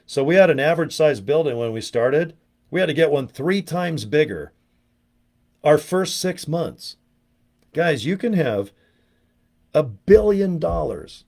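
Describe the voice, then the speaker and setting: A man giving a rambling, brash and profane motivational sales pitch, breaking into mocking voices as he goes. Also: vocal fry, darkish tone. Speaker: network marketing promoter.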